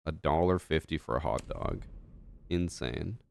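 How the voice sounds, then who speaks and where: A man streaming a tactical shooter, chatting casually and making relaxed joking callouts. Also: extremely low pitch, a little slow, creaky, no room sound. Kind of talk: casual gaming chat and callouts. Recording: game sounds and clicks behind.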